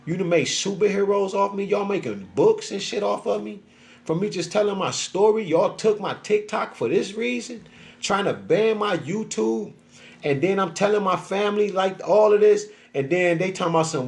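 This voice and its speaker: A middle-aged man vents in a loose, profane monologue, slipping into other people's voices as he tells it. His voice sits a touch higher than most men's. It sounds like casual talk straight to a camera. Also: expressive, normal speed, creaky. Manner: profane, venting, acts out other people's lines. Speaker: social media creator.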